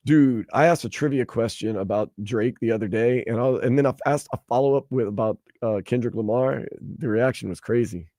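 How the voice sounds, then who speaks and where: A man's voice: mid-range voice, brisk, few pauses, no room sound, clean studio sound. A man hosting a sports radio show, chatting casually and animatedly about headlines. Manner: chatty, animated, acts out quoted people in raised voices.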